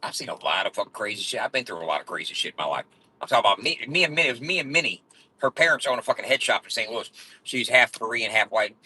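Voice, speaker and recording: A man's voice: mid-range voice, expressive, rapid-fire, pushed and bright, husky, low-quality recording. A man in his forties telling rambling, profane stories in a blunt way. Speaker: vlogger.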